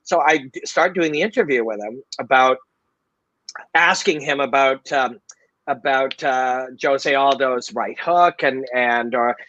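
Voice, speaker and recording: A man hosting a video call chat, telling stories in a casual, profane, animated way. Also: medium pitch, a little slow, no echo, muffled recording. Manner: animated, profane, tells stories with acted-out quotes. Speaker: host. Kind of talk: casual storytelling.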